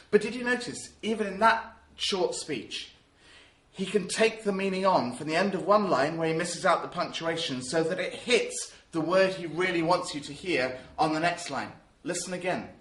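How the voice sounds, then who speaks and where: A man teaching about verse in a lively, emphatic way. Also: fairly high pitch, moderate pace, reverberant. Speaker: drama teacher. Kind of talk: spoken lesson.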